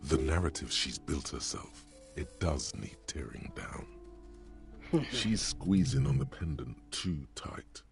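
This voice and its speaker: A very deep, gravelly, wry narrator. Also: male voice, big pitch swings, full character voice. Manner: slow, wry and knowing. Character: sardonic all-knowing inner-voice male narrator. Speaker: game narrator voice. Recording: faint game music behind.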